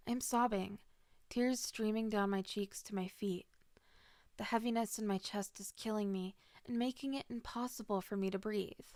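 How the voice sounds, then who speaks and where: A woman's voice: medium pitch, steady tone, normal speed, a little mellow, no echo, clean studio sound. A woman narrating a dramatic first-person story with emotional delivery.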